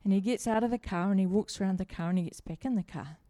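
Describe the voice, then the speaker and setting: A middle-aged woman pastor preaches a sermon full of personal stories, speaking fast in a warm, medium-pitched voice. Her style is chatty and humorous, and she asks the congregation questions. The clean studio recording has no echo.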